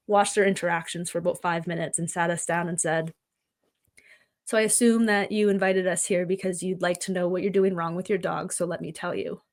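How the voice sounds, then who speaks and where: Podcast guest: woman, slightly low voice, earnest storyteller. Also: a little mellow. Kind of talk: conversational podcast chat.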